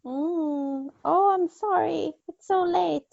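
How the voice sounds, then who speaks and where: A woman's voice: very high-pitched, slow, vocal fry, a little mellow, dry recording, highs cut off. A woman co-hosting a podcast in casual chat, playful and laughing easily. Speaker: podcast co-host.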